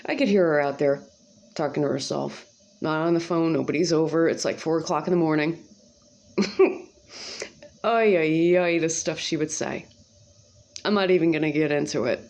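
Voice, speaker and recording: A vlogger with a lowish, slightly mellow voice rambles casually to the camera in her home kitchen, with slight background noise. Her talk is slangy and profane, full of asides.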